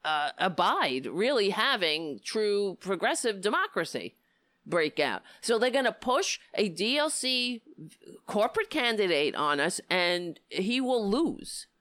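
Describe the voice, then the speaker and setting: A woman hosting a political talk show, giving impassioned, indignant commentary with a hoarse voice. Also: medium pitch, very animated, measured pace, no room sound. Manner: impassioned, indignant, rising to near-shouting.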